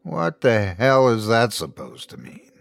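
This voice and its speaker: A man's voice: medium pitch, huge pitch swings, a little slow, gravelly, dry recording, full character voice. A man voicing a snippy, impatient young woman who complains and snaps in a dry, close recording. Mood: irritated. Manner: sharp, complaining, dismissive.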